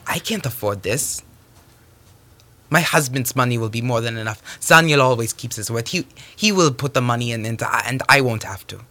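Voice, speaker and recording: A man voicing a stubborn, fretful wife who breaks into frantic high shrieks when upset. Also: expressive, normal speed, sharp tone. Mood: fretting.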